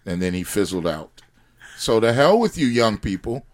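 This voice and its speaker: Low male podcast guest, animated and preachy in casual chat. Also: normal speed. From United States. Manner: animated, preachy rants with loud swells. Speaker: podcast guest, sauce company founder.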